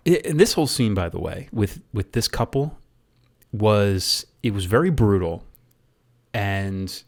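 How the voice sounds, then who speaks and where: A man reviewing a movie in a casual rant, rambling and often stumbling over and repeating his words. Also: fairly low pitch.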